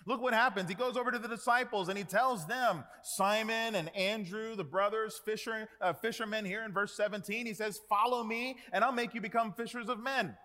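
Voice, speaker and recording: A man preaching a sermon, animated, acting out quoted voices and dropping to hushed tones. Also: high-pitched. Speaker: pastor. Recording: long hall reverb.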